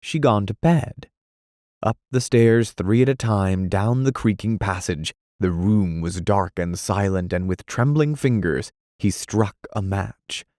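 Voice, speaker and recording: A man narrating an audiobook in a measured, dramatic reading style. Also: on the low side, dark tone, no room sound, studio quality.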